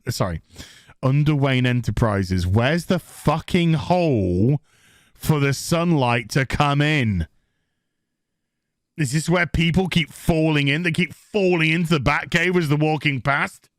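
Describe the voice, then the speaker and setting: A TV show reviewer from England with a Yorkshire accent rants sarcastically through a profane review, mocking the characters with put-on voices. His voice is on the high side and a little slow. The recording is dry, with clean studio sound.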